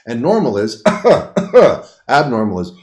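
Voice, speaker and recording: Explaining a paramedic exam step by step for the camera, a middle-aged instructor talks in simple, everyday language with a lot of pitch movement. His teaching is lively and plain-spoken, broken up by moments where he quickly demonstrates the techniques himself.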